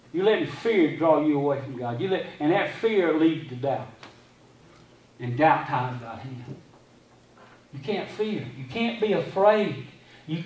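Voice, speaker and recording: A man preaching a sermon as pastor, quoting scripture and repeating phrases, swinging between loud and hushed delivery. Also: high-pitched. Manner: quotes scripture. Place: church sanctuary. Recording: echoey sanctuary from a distance.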